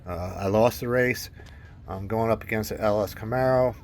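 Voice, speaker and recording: A man's voice: fairly low pitch, normal speed. A man telling a casual, rambling story about his car hobby in a voice-over, full of fillers and restarts, chuckling often.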